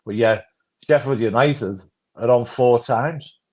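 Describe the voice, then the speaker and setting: Rambling football fan. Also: male voice, medium pitch, slow pace, darkish tone. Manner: rambling, repeats "you know what I mean". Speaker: fan channel co-host. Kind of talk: casual football chat.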